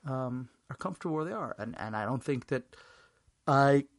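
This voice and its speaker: A man's voice: mid-range voice, lively intonation, normal speed, dry recording. A man giving a rambling, self-mocking comedic answer in an interview, full of fillers and restarts. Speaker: interview guest.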